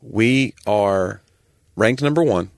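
Man, lowish voice, joking podcast banter, dry sound. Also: gravelly, no echo. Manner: joking, fast with sports stats. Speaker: podcast co-host. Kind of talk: casual chat.

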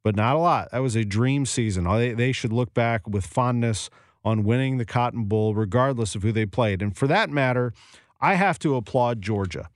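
A male sports talk radio host delivers firm, opinionated takes and drives his points home by repeating them. His voice sits at an ordinary middle pitch. The sound is dry and close, with no room echo. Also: moderate pace.

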